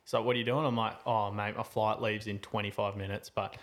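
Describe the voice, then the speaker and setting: A man's voice: on the low side, fast talker. Man telling a story. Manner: animated, acts out both sides of the story with voices. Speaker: podcast co-host. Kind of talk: casual storytelling chat.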